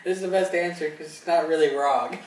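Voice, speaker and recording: A man's voice: on the high side, moderate pace. A young man co-hosting a casual chat, joking, swearing and laughing often. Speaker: co-host. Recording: echoey room, distant mic, faint noise.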